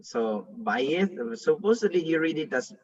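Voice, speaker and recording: A man teaches a reading class as a pastor, patiently repeating words for his students. His slow, slightly husky voice comes from a distance. The recording sounds dull and lo-fi. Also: fairly high pitch, sing-song. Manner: patient, drills pronunciation with repeated examples. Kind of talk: classroom lesson.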